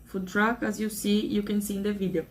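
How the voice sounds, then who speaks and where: A woman's voice: medium pitch, level tone, a little fast, slight background noise. A Brazilian woman with a Brazilian Portuguese accent, a native Portuguese speaker, talking earnestly and emotionally in rambling English in a casual vlog to camera. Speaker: vlogger.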